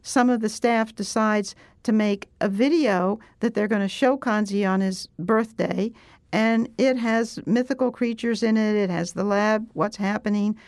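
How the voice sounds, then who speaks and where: A woman scientist telling a story in conversation, animated and laughing now and then as she goes. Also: medium pitch, unhurried, no echo.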